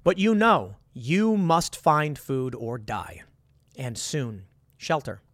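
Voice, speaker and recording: A man's voice: medium pitch, sing-song, slow pace, heavy background noise. A man talking the listener through a hypothetical scenario, earnest and full of rhetorical questions. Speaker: commentator. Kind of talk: casual monologue with hypotheticals.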